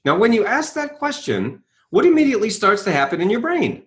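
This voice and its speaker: A man being interviewed tells his story with bursts of energy, acting out the voices he quotes. His voice sits high and swings widely in pitch. He keeps checking in with his listener. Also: brisk, few pauses. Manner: energetic, acts out quoted voices, repeats "right?". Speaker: guest author and speaker.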